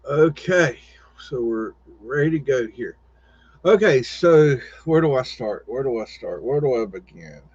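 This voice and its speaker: A man hosting a live stream in casual chat, rambling and halting with lots of fillers and restarts. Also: medium pitch, lively intonation, a little mellow, husky. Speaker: livestream podcast host. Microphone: home computer setup with webcam. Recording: dull lo-fi stream audio.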